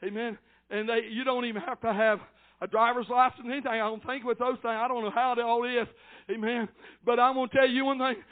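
An older man preaching a fervent church sermon, dotting his phrases with amens and rising into shouts. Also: very high-pitched, little pitch movement, fairly quick. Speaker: pastor. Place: church service. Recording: tinny phone-like lo-fi recording.

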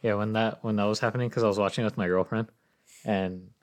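A young man in casual sports chat, telling animated stories and acting out what others said. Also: lowish voice, fast talker. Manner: animated storytelling, acts out quotes.

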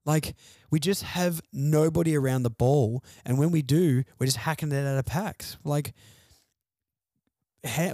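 A man's voice: a little high, mellow, no room sound, studio quality. A man hosting a fan podcast alone, venting frustrated, sardonic opinions about his team's loss. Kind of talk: solo sports podcast rant.

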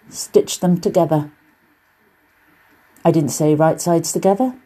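A warm, fairly low voice with a breathy edge carries this British host's casual solo quilting podcast. A quilting teacher, she chats encouragingly and often rambles off into asides.

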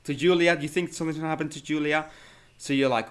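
A man co-hosting a podcast, talking about a film in a halting, enthusiastic way with many restarts. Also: on the high side, fairly even intonation, clear, resonant tone. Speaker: podcast co-host. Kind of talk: casual film discussion.

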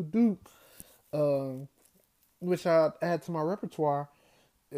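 A man hosting a solo sports show, ranting in an exasperated way, repeating himself and climbing higher in pitch when worked up. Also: warm tone. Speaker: sports podcast host. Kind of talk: solo sports commentary rant.

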